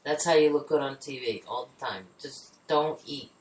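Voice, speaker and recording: A woman's voice: rumbling low, normal speed, a little mellow, recorded from a distance. A woman co-hosting a talk show in casual chat, blunt and grumbling, swearing freely. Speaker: co-host. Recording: echoey room, off-mic, faint noise.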